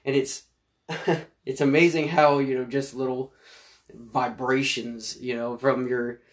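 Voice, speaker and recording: A man's voice: medium pitch, slow pace. Laid-back man saying "you know" a lot. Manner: relaxed, fills speech with "you know" and laughs. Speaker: podcast co-host. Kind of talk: casual conversation.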